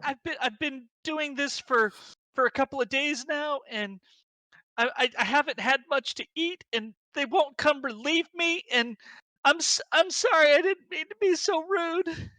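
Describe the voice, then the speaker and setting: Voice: mid-range voice, lively intonation, fast, hardly any pauses, pushed and bright, no echo, voice pushed up. A tabletop game master voicing a timid young female lookout who stammers and pleads. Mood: tearful.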